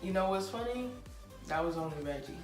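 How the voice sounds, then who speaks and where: A young woman vlogger telling a storytime in animated, slangy chat full of cursing and laughter. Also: medium pitch, fairly quick. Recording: roomy sound from a distant mic with faint music.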